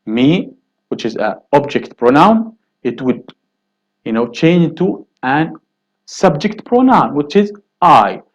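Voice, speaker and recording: Slow, patient male English teacher. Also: on the high side, sing-song. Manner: slow, repeats example sentences, emphatic rises on key words. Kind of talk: grammar lesson. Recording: dull lo-fi recording.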